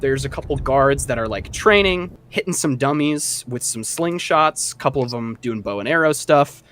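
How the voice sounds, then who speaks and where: A young man running a tabletop game as dungeon master, narrating in a relaxed way with many fillers. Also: mid-range voice, normal speed.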